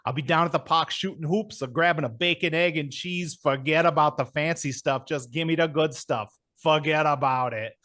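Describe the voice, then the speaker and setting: A man's voice: fairly high pitch, normal speed, few pauses, bright, forceful tone. A man playing a brash, laid-back Brooklyn guy with a put-on New York accent, swaggering and leaning on a catchphrase. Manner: keeps repeating a catchphrase, swaggering.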